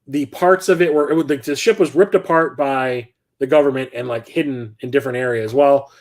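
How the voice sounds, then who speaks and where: A man's voice: mid-range voice, steady tone, fairly quick. A middle-aged man hosting a stream about his film collection, chatting casually and rambling with lots of fillers and the odd curse.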